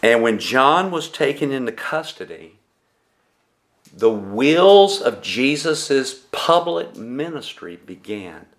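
A man preaching a sermon to his congregation, deliberate and measured, posing rhetorical questions to his listeners. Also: medium pitch, sing-song. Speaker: pastor.

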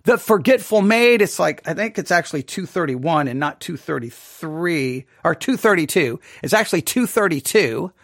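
A man's voice: on the high side, expressive, moderate pace, hardly any pauses, fairly bright tone, no room sound, studio quality. A man teaching a Bible study class, thinking aloud and asking many rhetorical questions.

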